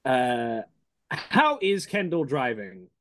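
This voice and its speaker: A man's voice: mid-range voice, wildly swooping pitch, takes it slowly, a bit bright. A man narrating and chatting as game master in a tabletop game, loose and easygoing.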